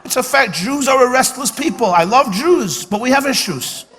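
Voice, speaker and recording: A man's voice: very high voice, animated, normal speed, fairly bright tone. A man, a rabbi, giving a humorous lecture at a dinner, with punchy comic timing and lines repeated for effect. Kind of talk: humorous speech with jokes and stories. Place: banquet hall at a dinner event. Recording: live hall recording with long reverb and faint room noise.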